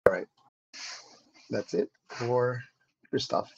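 An easygoing man playing a tabletop game, thinking out loud as he takes his turn. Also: mid-range voice, slow pace, vocal fry, breathy edge, lo-fi sound. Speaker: player. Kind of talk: casual tabletop game chat.

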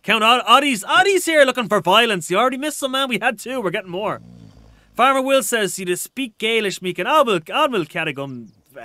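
A man's voice: very high-pitched, expressive, a little fast, sharp tone. An Irish man chatting casually while streaming a game, reading out viewer comments in a rambling, restart-prone way.

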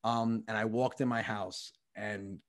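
Profane animated male comedian. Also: on the low side. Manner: animated, profane, quick-talking. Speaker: comedian guest. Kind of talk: comic storytelling.

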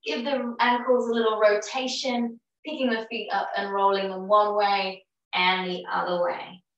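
A woman teaching a yoga class, calmly cueing each breath and movement with warm encouragement. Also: mid-range voice, normal speed, far from the mic, lo-fi sound. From Australia. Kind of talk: guided yoga class instruction. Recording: very echoey room, voice off-mic.

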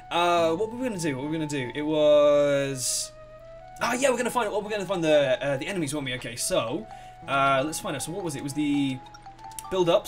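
A young man rambles through his gameplay commentary, swearing now and then. He talks fast and his pitch jumps all over, with faint guitar music playing behind him. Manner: rambling, excitable, swears freely. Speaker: let's play host.

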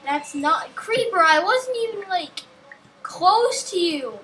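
A woman's voice: very high voice, lively intonation, slow, pushed and bright, poor audio. A young woman giving casual, rambling gameplay commentary with a sarcastic streak, talking to herself and the game.

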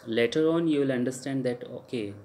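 A man's voice: medium pitch, fairly quick, darkish tone, slight background noise. A man with an Indian English accent teaching French pronunciation in a recorded lecture. He repeats each example sound several times and hesitates with fillers.

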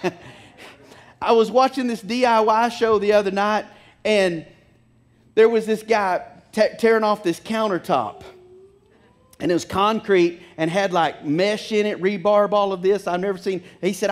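A man with a high-pitched voice preaches in a church. He reads scripture aloud and voices the figures in the story, building in intensity as he drives his point home. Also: normal speed. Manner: preaching with rising intensity, acting out biblical speech. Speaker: pastor. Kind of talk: sermon.

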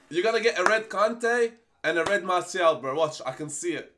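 A young man streaming live, chatting casually and excitedly as he opens game packs, swearing freely and pleading for good luck. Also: high-pitched, moderate pace, background noise.

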